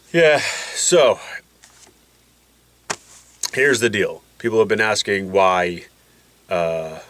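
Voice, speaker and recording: A man's voice: fairly low pitch, animated, extremely slow, pauses often, a bit bright, a little hiss or hum. A man vlogging casually with a congested voice from nasal packing, medicated and a little woozy, rambling and complaining with self-mocking humor. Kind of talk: casual rambling vlog to camera.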